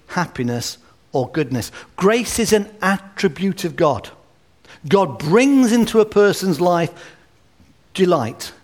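A man preaching a sermon with gentle humor and anecdotes, at a baby's naming. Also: a little high. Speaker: pastor. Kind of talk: sermon at a baby dedication.

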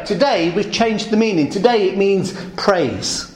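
A man preaching a sermon, asking rhetorical questions and acting out the shouts of a crowd. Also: sits high, expressive, unhurried, reverberant.

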